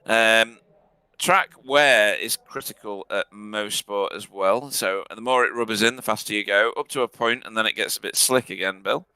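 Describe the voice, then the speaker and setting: A man's voice: fairly low pitch, normal speed, bright, forceful tone, clean tone, no room sound. A man commentating a sim racing broadcast in a chatty, laughing way, sometimes fumbling for names. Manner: chatty, laughs often, stumbles over names. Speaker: race commentator.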